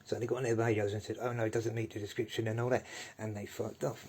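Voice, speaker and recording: A vlogger with a lowish, fairly flat, slightly mellow voice rants quickly and angrily straight to camera, swearing and rambling. He keeps adding "yeah?" to his sentences, and the poor audio carries a little hiss or hum.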